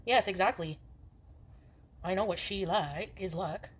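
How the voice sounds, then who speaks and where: A woman chatting on her own livestream in a rambling, distracted, halting way. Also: on the low side, breathy edge. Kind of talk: casual livestream chat.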